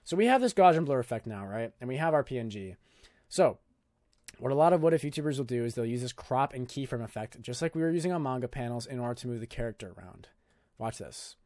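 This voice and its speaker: A man's voice: medium pitch, expressive, fast, darkish tone, no echo, studio quality. A young man hosting a casual screen-recorded video editing tutorial, talking in a loose, jokey, filler-heavy way. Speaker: YouTube tutorial host.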